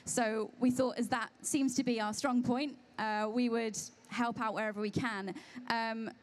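A woman's voice: on the high side, fairly even intonation, a little slow. A woman moderating a live convention panel, speaking hesitantly with many ums and uhs. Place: on stage at a comic convention panel.

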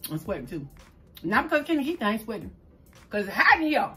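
A middle-aged woman from New Orleans with a Southern accent, chatting fast and stumbling over her words as she tells a story while eating on camera at home. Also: on the high side, big pitch swings, a bit bright, soft background music. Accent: Southern US, New Orleans tinge. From New Orleans, Louisiana. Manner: talks fast, stumbles over words, calls listeners "child". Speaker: mukbang vlogger host. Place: indoors at home, green screen.

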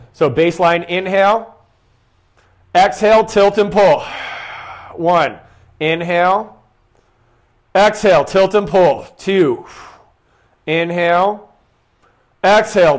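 Upbeat man coaching, counting reps. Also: high-pitched. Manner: talks quietly to avoid shouting into the mic. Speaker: fitness coach. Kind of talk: guided exercise instruction.

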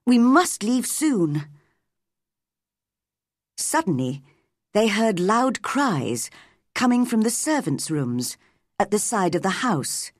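A woman reads a story aloud at a very slow, deliberate pace for English learners. Her voice rises and falls in a lively way. The recording is close and dry. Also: medium pitch, dry recording. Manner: clear, deliberate. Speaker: narrator.

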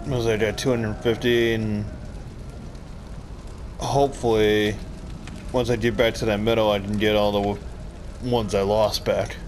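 A man giving excitable gameplay commentary, yelping and laughing at what happens on screen. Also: fairly low pitch, measured pace, pauses often, faint music behind. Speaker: gaming video creator.

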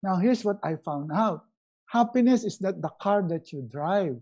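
A middle-aged man giving a motivational webinar talk, acting out quotes in a raised, animated voice. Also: high-pitched, moderate pace. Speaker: motivational speaker.

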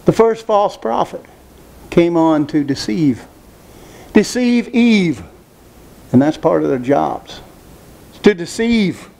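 Male preacher, high voice, emphatic sermon delivery with rhetorical questions. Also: expressive, takes it slowly, gravelly, pauses often, warm tone. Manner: emphatic, asks rhetorical questions, repeats phrases.

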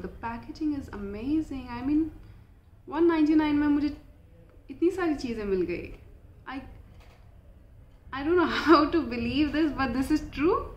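A woman's voice: fairly high pitch, roomy sound, lo-fi sound, slight background noise. Chatty Indian woman unboxing beauty products. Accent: Indian English. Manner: chatty, mixing English and Hindi. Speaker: beauty vlogger. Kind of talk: casual unboxing vlog.

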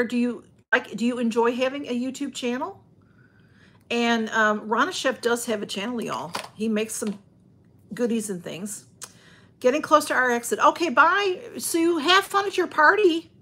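This livestream host chats from home in a fairly high, husky voice with a sharp tone. She rambles along, reading viewer comments aloud and greeting each person by name.

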